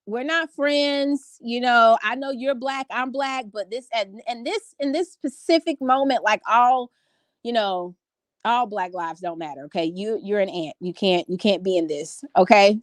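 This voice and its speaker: Woman vlogger in her 30s, higher voice, dry close sound, chatty storyteller. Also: unhurried, dry recording. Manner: animated storytelling with many fillers. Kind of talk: casual chat to a live audience. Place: home bedroom.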